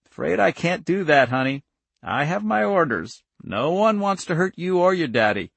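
A man's voice: fairly high pitch, very animated, normal speed, gravelly, a bit bright, dry recording, voice pushed up, exaggerated voice. A man voicing a courteous, disarming male government agent who keeps smiling. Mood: coaxing.

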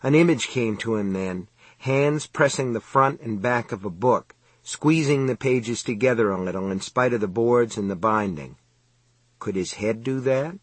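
Male audiobook narrator, husky, dry close recording, steady measured read. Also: mid-range voice, dry recording. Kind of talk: scripted narration.

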